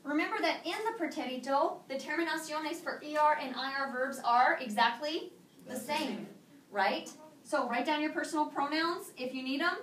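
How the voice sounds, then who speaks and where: A woman teaching a high school Spanish class, drilling students with call-and-response prompts in English and Spanish. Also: normal speed, fairly bright tone. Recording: echoey classroom from far off, faint noise.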